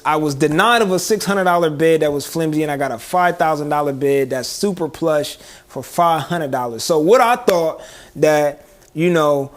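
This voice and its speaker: A young man co-hosting a podcast, his voice sitting a little high. He tells a story in animated, slangy chat and laughs often along the way. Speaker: podcast co-host.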